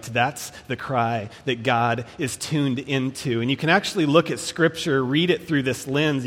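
A man preaching a sermon in a measured, emphatic way, slowing down to stress key phrases. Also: medium pitch, long reverb tail.

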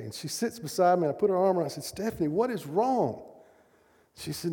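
A middle-aged man preaching a storytelling sermon, animated and acting out the voices of the people in his stories. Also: sits high, brisk. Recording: long hall reverb.

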